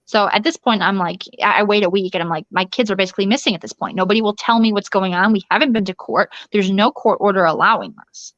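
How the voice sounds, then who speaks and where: A woman's voice: medium pitch, a bit bright, no room sound. Woman urgently recounting her story. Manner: urgent, rushed retelling with restarts and quoted dialogue. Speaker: interview guest. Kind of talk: recounting a personal ordeal in an interview. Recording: dull lo-fi dry recording.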